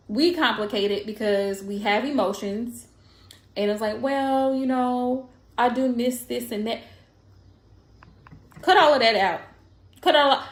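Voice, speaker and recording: Emphatic high-voiced woman, echoey room. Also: fairly bright tone. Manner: blunt, emphatic, repeats lines for effect. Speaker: tarot reader. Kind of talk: casual advice monologue.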